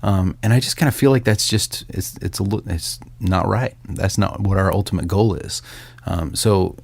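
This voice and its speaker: A man, a songwriter and author, talking casually and thoughtfully, with pauses and easy laughter. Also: low voice, creaky, darkish tone, slightly rough, no room sound. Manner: reflective, hesitant, laughs easily. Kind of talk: casual conversation.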